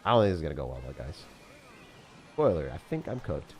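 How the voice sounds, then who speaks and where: Excitable young man narrating gameplay. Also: very deep voice, fast. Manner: excitable, dramatic outbursts and self-pity, talks to viewers and chat. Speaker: gaming YouTuber. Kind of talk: live gameplay commentary.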